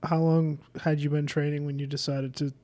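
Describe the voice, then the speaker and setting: Male podcast host, fairly high and mellow voice, steady interviewer. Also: moderate pace. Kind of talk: interview questions.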